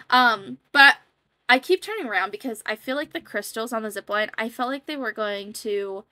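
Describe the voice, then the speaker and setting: A woman's voice: on the high side, expressive, moderate pace, pushed and bright, no room sound. Chatty young woman gamer rambling. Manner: rambling, chatty, self-deprecating, many fillers. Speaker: gaming YouTuber. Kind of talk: casual commentary over gameplay.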